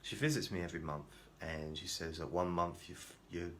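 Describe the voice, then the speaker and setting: Low-voiced man rambling to camera. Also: steady tone, moderate pace, a bit bright, slight background noise. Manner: rambling, self-deprecating, many restarts. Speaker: vlogger. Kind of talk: casual rambling monologue.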